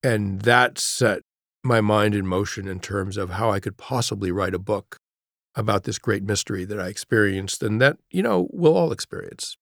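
Middle-aged male author, low voice, halting reflective storyteller, dry close sound. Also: animated, gravelly, no room sound. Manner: halting, reflective, drops to a hush at grave moments. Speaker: guest, author. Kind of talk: personal storytelling in an interview.

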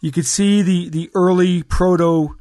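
A man's voice: sits high, fairly even intonation, unhurried, warm tone, no room sound, clean studio sound. A man co-hosting a podcast, chatting in a rambling, agreeable way. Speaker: podcast co-host. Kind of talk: casual chat.

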